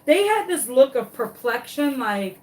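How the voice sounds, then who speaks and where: A woman tells a dramatic story while she demonstrates a craft. Her voice sits a little high and her pace is unhurried. She is recorded a bit away from the mic. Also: sing-song, darkish tone, distant mic, slight background noise, low-quality recording. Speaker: crafting vlogger.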